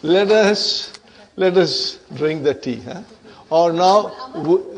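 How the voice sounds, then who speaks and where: A middle-aged man teaches an Arabic grammar class in English, his voice a little high and creaky, animated but slow. He keeps checking whether the students follow, repeating "are you with me" and "huh," and laughs between points.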